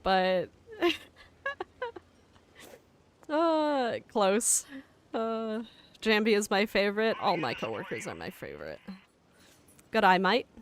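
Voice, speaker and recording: A woman's voice: medium pitch, very animated, takes it slowly, pauses often, a little hiss or hum. A woman hosting a gaming livestream, reading chat aloud in a rambling, casual way and laughing often. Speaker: livestream host.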